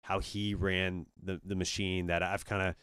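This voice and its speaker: This podcast guest is a comedy show organizer from Orange County, California, talking in a loose, rambling style peppered with "dude" and "kinda." His low-pitched voice barely shifts in pitch, keeps a normal speed, and sounds clear, resonant, and fairly bright. There's no echo, and the audio is studio quality.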